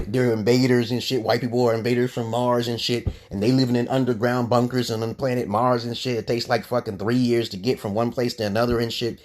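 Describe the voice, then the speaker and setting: A man hosting a livestream, ranting in a profane, rambling way, dropping to low mutters and then rising into loud outbursts. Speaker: livestream host. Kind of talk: profane live-stream rant.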